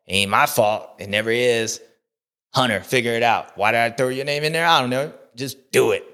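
A man's voice: mid-range voice, a little fast, bright, forceful tone, clear, resonant tone, natural voice. A man doing an impression of a cocky young male rider who rambles in slang and keeps contradicting himself.

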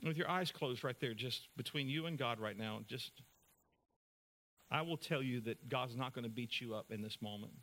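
A man preaching a sermon as pastor, earnest, moving between brisk talk and slow, soft passages. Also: mid-range voice.

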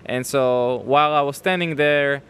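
A man with a foreign accent telling a casual story as a guest, halting, with non-native grammar and restarts. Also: mid-range voice, a bit bright, clean tone. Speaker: guest telling how he met his partner.

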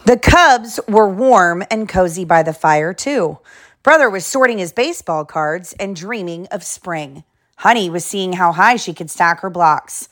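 A woman's voice: lowish voice, animated, unhurried. A mother reading a picture book aloud. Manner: warm storytelling, sing-song rhyme. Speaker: mother reading to her children.

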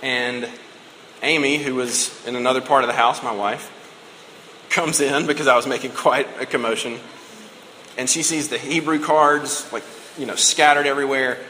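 Bright-voiced man preaching in a hall. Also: mid-range voice, steady tone, normal speed, slight background noise. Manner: conversational, emotional storytelling. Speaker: pastor. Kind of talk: sermon. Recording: reverberant hall with faint ambience.

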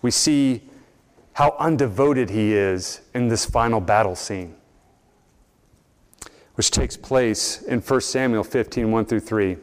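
A man's voice: lowish voice, slow, pauses often, clear, resonant tone. A young man preaching a sermon, telling stories and acting out the people he quotes. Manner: animated storytelling, acts out quoted voices. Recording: long reverb in a large hall.

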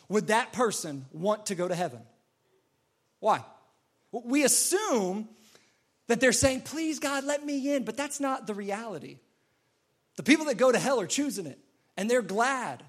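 A man's voice: sits high, big pitch swings, unhurried, pauses often. A man preaching a sermon in an earnest, repetitive way, now and then acting out pleading voices. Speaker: pastor.

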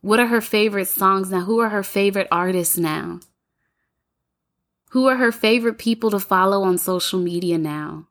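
A woman's voice: medium pitch, normal speed, fairly bright tone. A woman hosting her own faith-based podcast from home, speaking in an earnest, encouraging way and repeating phrases for emphasis. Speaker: podcast host. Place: home apartment, city sirens outside.

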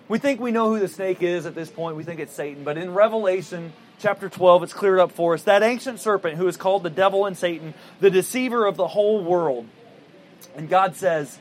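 A male pastor preaching in a relaxed storytelling manner and asking rhetorical questions. His voice sits high for a man. A faint hum runs underneath. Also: brisk. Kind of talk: sermon.

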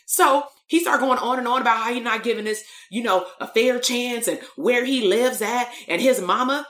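A woman's voice: fairly high pitch, a little fast, a bit bright, echoey room. Blunt, emphatic woman coach. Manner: blunt, storytelling, emphatic, swears casually. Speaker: coach and therapist. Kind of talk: live-streamed motivational talk.

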